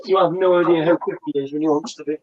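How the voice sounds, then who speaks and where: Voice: mid-range voice, steady tone, quick pace, noisy background. A person chatting casually and teasing the others with jokes about a lizard. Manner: teasing, joking banter. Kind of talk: casual chat. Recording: dull lo-fi stream audio.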